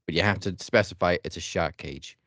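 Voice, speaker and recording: A man co-hosting a wrestling podcast, calmly breaking down the matches in a measured, analytical way. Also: deep voice, dry recording. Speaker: podcast co-host. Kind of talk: casual chat.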